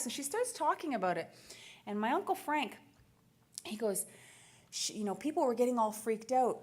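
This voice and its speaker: A woman giving a talk, telling a lively family story with quoted voices and frequent laughter. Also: a little high, moderate pace, pauses often. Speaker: speaker.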